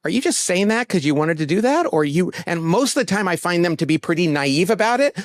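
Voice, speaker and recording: A man speaking as an interview guest, expressive and often acting out the voices of the people he quotes. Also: sits high, fast talker, no room sound, clean studio sound. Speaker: guest author. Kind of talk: casual interview chat.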